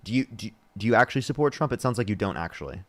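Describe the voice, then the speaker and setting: A man's voice: on the low side, lively intonation, very fast. A man hosting a livestream debate show, thanking donors and pressing callers on their views. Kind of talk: casual livestream chat.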